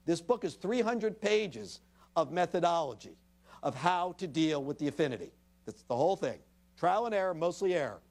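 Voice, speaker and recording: A man's voice: high-pitched, a little mellow. A man giving a public lecture. He tells stories animatedly, acts out dialogue and speaks directly to the audience. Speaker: invited speaker.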